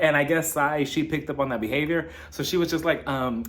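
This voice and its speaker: Man, reality show recap, gossipy, acts out quotes, lively swooping pitch. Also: normal speed. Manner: gossipy, animated, acts out cast members' quotes. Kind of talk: casual recap commentary.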